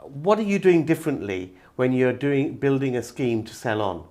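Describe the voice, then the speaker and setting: British host guy, mid pitch, easygoing questions, cracks jokes. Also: big pitch swings, moderate pace, darkish tone. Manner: probing, joking, conversational. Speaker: podcast host. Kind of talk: casual interview chat.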